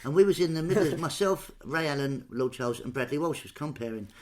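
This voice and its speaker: A comedian telling a comic anecdote from home in a lively, animated way, jumping up in pitch for the punchlines. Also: male voice, quick pace. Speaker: comedian guest.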